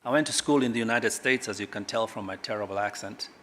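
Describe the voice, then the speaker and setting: Brief: middle-aged man, government speaker, emphatic keynote delivery with dramatic pauses. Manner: emphatic orator, big swings in pitch and loudness, dramatic pauses. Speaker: government official giving a keynote. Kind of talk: public speech at a corporate launch.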